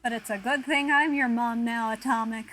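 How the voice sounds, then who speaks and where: A woman's voice: on the high side, steady tone, normal speed, a bit bright, soft background music, poor audio. A young woman streamer chatting casually with viewers, self-deprecating and laughing often. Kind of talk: casual chat with viewers while drawing.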